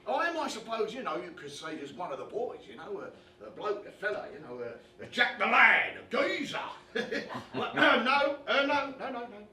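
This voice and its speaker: An actor playing a brash, chatty British boxing commentator in an animated one-man stage comedy monologue, talking straight to the audience. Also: high-pitched, normal speed, exaggerated voice. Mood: chummy. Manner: animated, chummy, addresses the audience directly. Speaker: stage performer. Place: theatre stage with a live audience. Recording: roomy live stage recording from far off.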